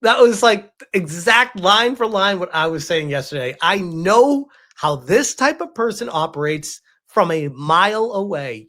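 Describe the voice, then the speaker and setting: Man, reaction commentary, emphatic, laughs a lot, very lively pitch. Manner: emphatic and animated, laughs often. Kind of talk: casual commentary on a played clip.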